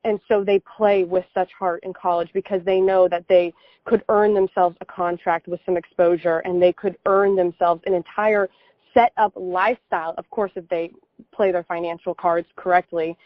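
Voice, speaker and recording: An American woman in her twenties, a podcast guest chatting in a lively, quick way. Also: on the low side, dry recording, narrow, tinny audio. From United States. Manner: lively, laughing, quick talker. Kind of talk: casual conversational chat.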